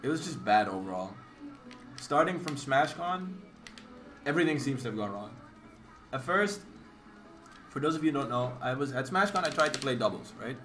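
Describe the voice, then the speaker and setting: A young man streaming a casual storytime rant. He talks in an animated, exasperated way, swears freely and acts out the other people in the story. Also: medium pitch, normal speed, long pauses, faint music behind. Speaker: competitive gamer streamer.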